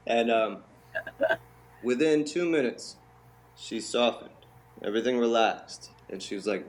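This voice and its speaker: A man with a lowish voice tells a long personal story as an interview guest. He talks in an animated, conversational way and slips into the voices of the people he quotes. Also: moderate pace. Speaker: interview guest, bodywork healer.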